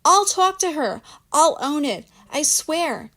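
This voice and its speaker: A woman's voice: sits high, animated, slow, fairly bright tone, pitched above the performer's own voice, heavily acted. A woman voicing a guilty young woman who speaks in a small, pleading, apologetic voice.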